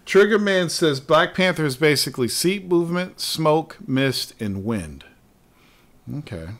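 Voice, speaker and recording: A man hosting a casual gaming podcast, his pitch rising and falling a lot as he talks. He is laid-back, lets his sentences trail off low and laughs often. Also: animated, measured pace, fairly bright tone. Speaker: podcast host. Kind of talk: casual chat.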